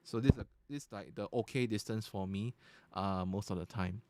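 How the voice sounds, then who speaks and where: At his desk, a man with a fairly low voice casually reviews a product, walking through each feature step by step in a chatty, informal way. He talks a little fast into a studio USB podcast microphone at close to medium distance, with a noisy background.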